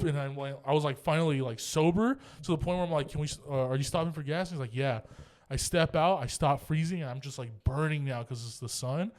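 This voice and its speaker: Young man, casual podcast chat, animated, profane, acts out dialogue, slightly high pitch. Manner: animated, swears a lot, acts out both sides of quoted dialogue. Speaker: podcast co-host.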